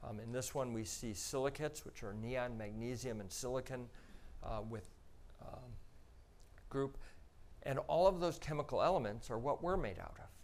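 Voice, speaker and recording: A man gives a talk to an audience and explains pictures on slides one by one. His tone is casual and chatty, and he adds small asides as he goes. His pitch sits in an ordinary middle range for a man. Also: moderate pace. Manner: conversational, explaining step by step with frequent "um" and "you know". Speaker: astronaut giving a public talk.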